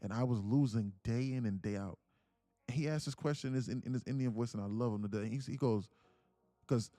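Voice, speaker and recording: A man casually hosts a livestream, telling a long story with restarts and swearing. His voice is mellow and dry. Faint music plays behind him. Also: mid-range voice, a little fast, no echo. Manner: rambling, profane, full of restarts. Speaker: livestream host.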